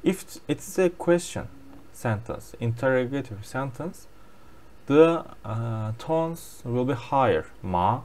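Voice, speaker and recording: Slow, halting man explaining a lesson. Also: mid-range voice, animated, darkish tone. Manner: halting non-native English with many fillers. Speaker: language learner sharing daily lessons.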